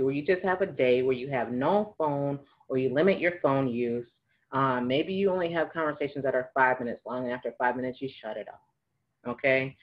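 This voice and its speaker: A woman with a low voice talks through spiritual advice in a loose, conversational way. She laughs easily and acts out small dialogues to make her points. The recording sounds somewhat dull and lo-fi. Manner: chatty, laughs often, acts out little dialogues. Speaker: spiritual advisor. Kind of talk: casual spiritual advice monologue.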